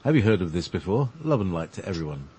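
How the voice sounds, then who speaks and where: A male host reading listener questions aloud in a relaxed, lively way. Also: low voice, fast talker, husky.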